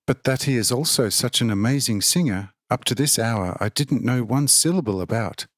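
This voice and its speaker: Male reader playing a calm, fatherly host, measured and explanatory, in a mid-range voice, dry close recording. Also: mid-range voice, dry recording, lightly acted.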